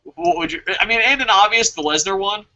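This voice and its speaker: A man's voice: high voice, fairly quick, pushed and bright, lo-fi sound. A man hosting a casual wrestling talk show, rambling, swearing and laughing often. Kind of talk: casual podcast chat.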